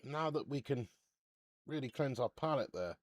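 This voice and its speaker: A man's voice: mid-range voice, expressive, normal speed, a little hiss or hum. A man hosting a live football watch-along, chatting in casual banter, swearing freely and calling everyone mate.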